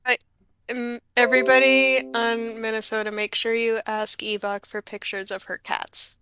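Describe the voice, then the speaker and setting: A woman's voice: on the high side, flat delivery, normal speed, pushed and bright, smooth. A woman co-hosting a livestream, chatting casually and gushing with enthusiasm. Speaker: co-host.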